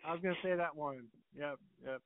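Higher-voiced man on a phone line. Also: a little fast, no echo. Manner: asks questions, short agreeing replies. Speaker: movie podcast co-host. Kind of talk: casual chat.

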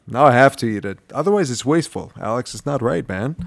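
A man's voice: mid-range voice, brisk, gravelly, no room sound. A man co-hosting a podcast, rambling and self-mocking in a casual chat. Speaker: podcast co-host and restaurant owner.

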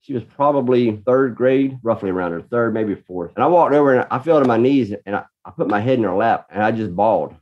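A man's voice: mid-range voice, lively intonation, brisk, few pauses, muffled recording. A man in a casual conversation, earnestly telling a story about being a parent. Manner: earnest storyteller, reenacts his own shouting.

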